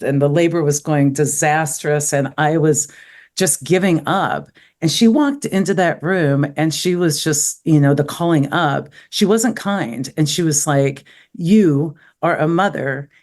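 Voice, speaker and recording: A woman's voice: sits low, a little mellow. A middle-aged woman, a podcast guest, telling candid personal stories in casual conversation. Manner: candid, storytelling, many fillers.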